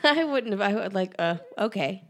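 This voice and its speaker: Woman cohost with a lot of vocal fry, laid back, dry comments, casual podcast chat. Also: medium pitch, normal speed. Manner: relaxed, agreeable, dry commentary. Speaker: podcast co-host. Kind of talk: casual chat recapping a TV episode.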